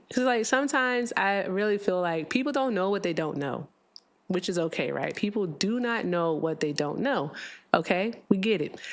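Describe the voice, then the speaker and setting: A young woman hosting a livestream, chatting bluntly and laughing often with her audience. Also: lowish voice. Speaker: livestream host. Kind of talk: casual livestream chat.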